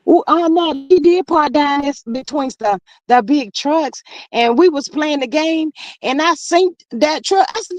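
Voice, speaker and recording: A woman's voice: sits high, a little slow, dry recording, rough recording. A woman hosting a casual livestream gossip chat, talking straight to her viewers. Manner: chatty, addresses viewers as y'all. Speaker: host.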